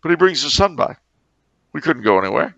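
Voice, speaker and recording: A man's voice: a little high, big pitch swings, fairly quick, vocal fry, fairly bright tone, no echo, dull audio. A man co-hosting a podcast in casual chat, a wry, sarcastic storyteller who bursts into sudden exclamations. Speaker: podcast co-host.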